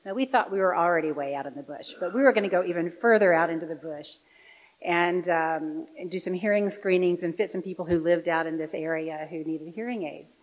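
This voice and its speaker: Woman telling a story, soft then lively. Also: lowish voice, a little fast, poor audio. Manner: animated storytelling, dropping soft and quiet for serious moments. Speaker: volunteer audiologist giving a parish talk. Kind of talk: personal storytelling talk.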